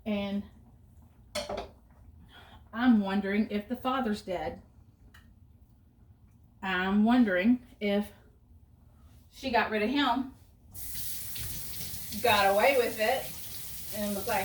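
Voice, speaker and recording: A woman's voice: medium pitch, slow pace, pauses often, far from the mic, slight background noise. A middle-aged woman chatting and telling rambling stories while she cooks in her home kitchen. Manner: chatty storyteller, rambling asides. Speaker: cooking vlogger. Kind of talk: casual chat while cooking. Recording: roomy kitchen, voice off-mic.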